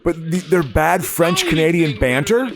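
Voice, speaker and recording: A man hosting a podcast, chatting casually while watching a movie, excitable and prone to stammering restarts. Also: a little high, unhurried, a crowd in the background. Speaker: podcast host.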